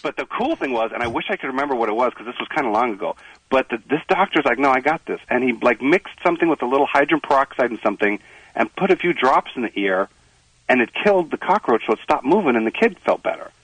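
Male surgeon phone guest, lively self-mocking storyteller, dry close sound. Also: medium pitch, fast, husky, dry recording, low-quality recording. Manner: animated, self-deprecating anecdotes with laughs. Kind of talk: casual storytelling on a radio show. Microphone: phone line.

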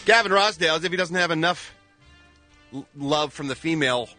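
Bright-voiced joking radio man. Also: a little high, fairly quick, soft background music. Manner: jokey, animated storytelling. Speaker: radio show co-host, entertainment news. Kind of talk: morning radio banter.

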